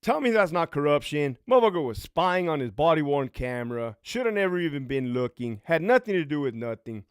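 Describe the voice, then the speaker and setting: A man's voice: on the high side, big pitch swings, fairly quick, few pauses, clean tone, dry recording, studio quality. A man hosting a live stream, telling stories and ranting bluntly with heavy swearing, acting out the quoted voices as he goes. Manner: acts out quoted voices while retelling. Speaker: livestream host. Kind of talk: casual livestream storytelling.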